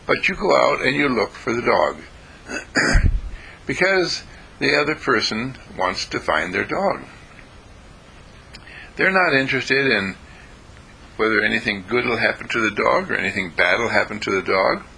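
A man giving a short daily inspirational talk as a university dean, telling a story, often chuckling and clearing his throat. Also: mid-range voice, animated, measured pace, pauses often, pushed and bright, a little hiss or hum, rough recording.

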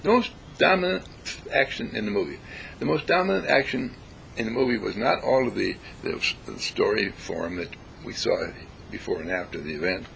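A man giving a reflective spiritual talk, deliberate and emphatic, repeating phrases to stress them. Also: on the low side, animated, creaky, fairly bright tone, a little hiss or hum, low-quality recording. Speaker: spiritual speaker.

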